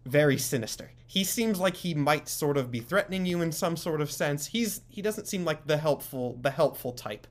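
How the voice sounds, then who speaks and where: A man narrating as game master of a tabletop game, explaining rules in a relaxed way with many fillers. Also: fairly high pitch, normal speed, few pauses.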